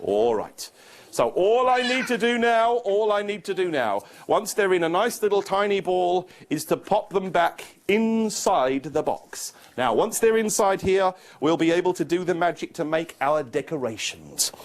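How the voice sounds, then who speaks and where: A man's voice: sits high, lively intonation, unhurried. A man performing a children's magic show, coaxing a young volunteer with playful, mock-confused patter.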